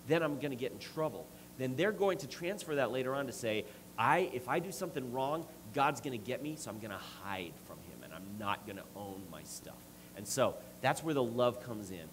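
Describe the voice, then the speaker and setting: A man's voice: mid-range voice, slight background noise, poor audio. A middle-aged man preaching a sermon and telling a family story, with many restarts. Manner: rambling, restarts often, storytelling.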